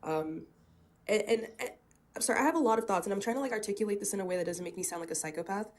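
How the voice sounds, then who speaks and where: A woman in her twenties joins a live stream by video call. She speaks with fervent urgency, pushing through her points quickly and restarting sentences as she goes. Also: medium pitch. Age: 20s. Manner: fervent, rapid, self-interrupting. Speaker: caller. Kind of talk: casual political discussion.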